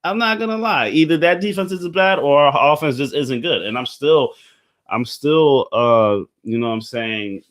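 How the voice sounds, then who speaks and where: A man's voice: fairly high pitch, moderate pace, fairly bright tone. A young man giving a casual, rambling football recap, slangy and profane, full of fillers, burping now and then. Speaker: football commentator.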